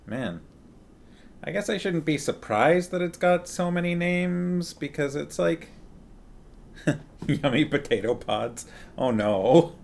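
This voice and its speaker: A man's voice: fairly high pitch, animated, slow pace, gravelly, pauses often, darkish tone. A man chatting casually on a live stream, greeting viewers one by one and talking playfully to his dog at home.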